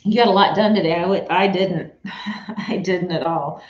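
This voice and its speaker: A woman's voice: fairly low pitch, moderate pace, darkish tone. A woman hosting a live sewing stream from her home studio, chatting casually and greeting viewers by name. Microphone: camera mic in the room. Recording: roomy, slightly dull sound.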